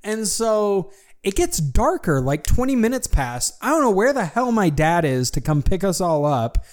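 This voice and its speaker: A young man casually telling a long story to a friend, animated and full of fillers. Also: sits high, moderate pace. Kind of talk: casual chat.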